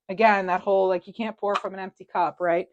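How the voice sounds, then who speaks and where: A woman giving a casual tarot reading to camera. She is chatty, gentle and sympathetic, thinks aloud and often laughs. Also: medium pitch, steady tone, normal speed, dull audio, a little hiss or hum. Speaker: tarot reader.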